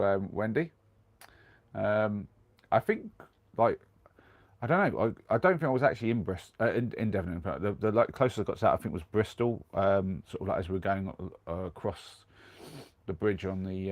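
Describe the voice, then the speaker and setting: Speaking at normal speed in a low voice, a young man who has a cold livestreams from inside his camper van, rambling casually and reading viewer comments aloud. The recording is dry.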